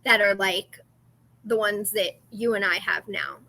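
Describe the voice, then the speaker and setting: A woman's voice: mid-range voice, steady tone, measured pace, pushed and bright. A woman co-hosting a podcast, speaking earnestly in casual chat and weighing both sides of a point.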